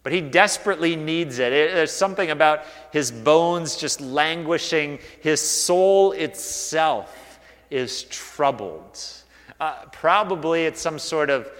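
A man's voice: fairly high pitch, takes it slowly, fairly bright tone, in a large hall. A man preaching a conversational sermon as a pastor, casual and self-deprecating, with restarts and fillers.

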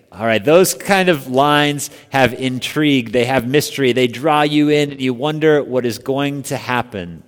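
An American man preaching a sermon in a relaxed, conversational way, quizzing his congregation. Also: medium pitch, smooth, in a large hall. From United States. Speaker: pastor.

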